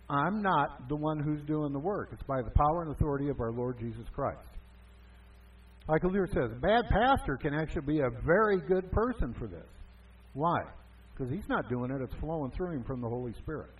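Husky pastor, chatty, far-off tinny sound. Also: male voice, fairly high pitch, lively intonation, normal speed. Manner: chatty, asks and answers his own questions. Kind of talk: conversational sermon.

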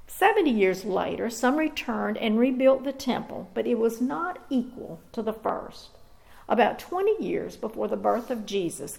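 A woman pastor delivers a sermon in a measured, earnest manner. Her voice sits a little higher than most and carries a gravelly, creaky texture. She paces her words with deliberate pauses. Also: a little mellow, poor audio.

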